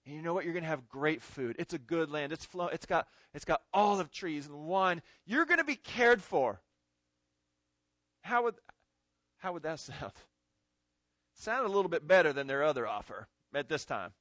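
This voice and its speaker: A man's voice: a little high, lively intonation, moderate pace, fairly bright tone, no echo. A man preaching a sermon in a folksy, conversational way, often checking in with his listeners. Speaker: pastor.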